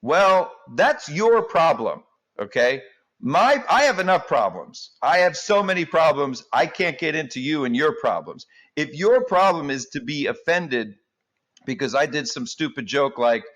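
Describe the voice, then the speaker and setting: Animated comedian acting out jokes. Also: male voice, a little high, measured pace. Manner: animated, jokey, acts out quotes. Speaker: comedian guest. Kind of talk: comedic interview chat.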